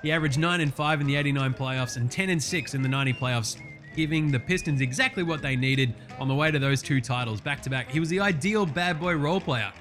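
An Australian man hosting a casual sports chat, excitable and full of profane, matey banter. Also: on the high side, quick pace, soft background music. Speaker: sports show host.

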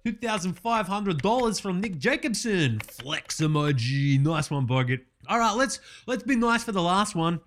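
A man's voice: high voice, sing-song, normal speed, few pauses, fairly bright tone. A man doing a sweary Aussie bloke ranting. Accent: Australian. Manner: swears constantly, sarcastic, says mate a lot. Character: brash foul-mouthed sports bloke ranting online. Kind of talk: comedy parody monologue.

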